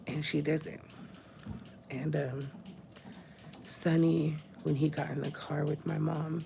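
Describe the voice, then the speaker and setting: A woman's voice: low voice, level tone, slow pace, creaky, noisy background. A woman, crying as she talks openly in a personal vlog from a hospital room. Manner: tearful, talks through crying. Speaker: vlogger.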